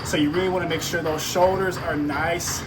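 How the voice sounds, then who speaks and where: A man's voice: fairly high pitch, steady tone, normal speed. A man vlogging casually about his workout, chatty and easygoing, recorded on a built-in camera mic with no proper microphone. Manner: chatty, easygoing, thinks aloud. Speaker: fitness vlogger. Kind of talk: casual unscripted vlog talk. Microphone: built-in camera mic, no external microphone. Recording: noisy background, no proper microphone.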